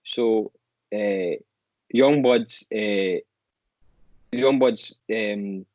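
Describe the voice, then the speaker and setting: Animated man telling stories. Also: lowish voice, drawn-out words, no room sound, poor audio. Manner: animated anecdotes, swears casually. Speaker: guest musician. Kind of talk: casual storytelling chat.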